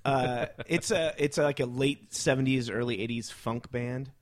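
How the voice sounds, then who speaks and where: A man co-hosting a podcast in casual chat, opinionated and quick to correct the others. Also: mid-range voice. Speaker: podcast co-host.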